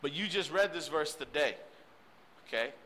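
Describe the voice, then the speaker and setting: Emphatic preacher man, higher voice. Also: lively intonation, normal speed, low-quality recording. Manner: emphatic and repetitive, addresses the crowd with "okay?"; swings from loud bursts to hushed pleading. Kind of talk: sermon.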